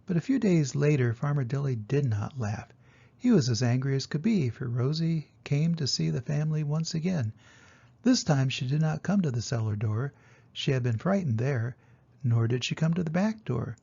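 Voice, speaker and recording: An older man reading a children's story aloud, gentle and expressive. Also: on the high side, vocal fry, breathy edge. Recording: dull lo-fi recording.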